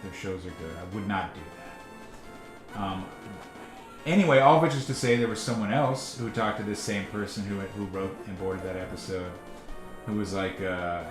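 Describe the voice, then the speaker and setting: A man's voice: fairly low pitch, moderate pace. A man, the creator of a cartoon, telling stories in casual chat, laughing often. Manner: chatty, laughs often, animated storyteller. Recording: roomy echo, faint music.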